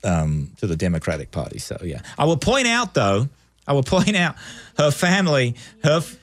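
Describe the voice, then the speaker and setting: A man's voice: mid-range voice, huge pitch swings, moderate pace, no room sound. A man from just outside London with an English accent worn by years in America, a guest on a radio talk show, rambling, joking and defending himself with many restarts. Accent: English, from near London, mixed with American. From England. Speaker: studio guest. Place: radio studio.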